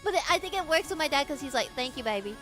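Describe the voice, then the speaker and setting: A woman's voice: sits high, rapid-fire, bright, forceful tone, faint music behind. A woman streamer chatting casually with her viewers, rambling and laughing often. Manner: giggly, rambling, playful.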